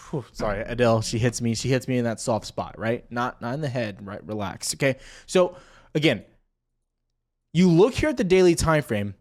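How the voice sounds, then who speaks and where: A man's voice: medium pitch, lively intonation, moderate pace, darkish tone. A young man hosting casual stock market commentary, talking straight to viewers over charts with joking asides.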